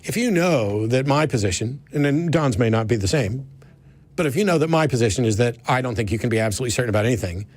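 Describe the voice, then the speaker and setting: A man's voice: medium pitch, animated, quick pace, a little mellow. Blunt man hosting a call-in show. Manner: blunt, interrupts, swears when exasperated. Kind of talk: call-in debate.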